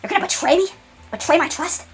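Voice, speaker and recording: A woman's voice: very high-pitched, fast, soft background music, voice pushed up. A woman voicing a nervous, sweaty young male fighter who stammers and pleads. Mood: pleading.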